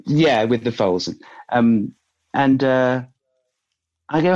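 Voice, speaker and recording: English male guest, chatty storyteller, slightly muffled audio, mid pitch. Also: slow pace, pauses often, a little mellow. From England. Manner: rambling storyteller, quotes people, laughs often. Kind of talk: casual chat, anecdote telling.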